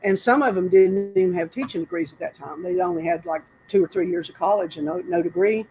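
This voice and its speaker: A woman's voice: fairly low pitch, fast, darkish tone, slight background noise, low-quality recording. Older woman telling rambling stories. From North Carolina. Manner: rambling, laughs often, self-interrupting. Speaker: interview guest. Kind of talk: casual storytelling.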